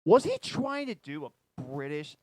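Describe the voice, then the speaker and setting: A man co-hosting a casual movie review podcast, excitable and often repeating words as he hunts for what to say. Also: a little high, measured pace. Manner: excitable, repeats words while finding them. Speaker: podcast co-host.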